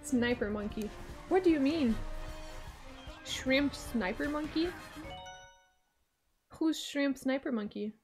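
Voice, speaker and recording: A fairly high-voiced woman whose first language is French chats casually on a game stream. She cracks jokes, swears freely and yelps in sudden bursts of excitement. Faint music plays in the background. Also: takes it slowly, pauses often. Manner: profane, joking, with sudden excited outbursts. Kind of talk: casual gaming stream chat.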